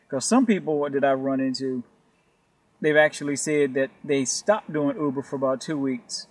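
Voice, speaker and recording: Rambling, profane delivery driver. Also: male voice, medium pitch. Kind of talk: casual ranting vlog.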